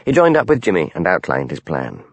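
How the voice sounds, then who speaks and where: A man reading an audiobook in measured storytelling narration. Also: sits low, wildly swooping pitch, breathy edge, no room sound.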